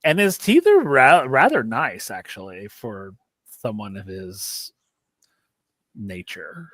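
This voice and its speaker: A man's voice: lowish voice, sing-song, takes it slowly, a bit bright, no room sound. A man running a tabletop game, describing scenes with many fillers and hedges. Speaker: game master.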